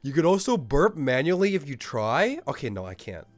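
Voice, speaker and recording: Brief: male streamer, slightly high voice, animated and profane, casual live chat. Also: moderate pace, no echo. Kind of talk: casual chat reading viewer messages.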